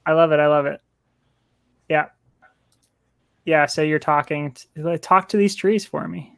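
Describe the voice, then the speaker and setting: A man running a tabletop game as game master, easygoing and quick to laugh. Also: on the high side, fairly even intonation, creaky, fairly bright tone, smooth, no room sound.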